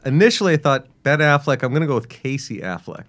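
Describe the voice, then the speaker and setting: A man of middle pitch guests on a casual podcast, guessing answers with hesitant, self-deprecating fumbles. His voice is ordinary and unforced. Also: big pitch swings, quick pace, fairly bright tone. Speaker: guest, employment lawyer. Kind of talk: casual chat.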